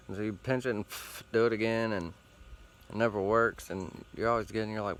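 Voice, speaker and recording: A man's voice: on the low side, steady tone, a little fast, a bit bright. A man hosting a show, rambling casually outdoors while sitting against a tree, with loose, profane, meandering talk full of fillers. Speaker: host.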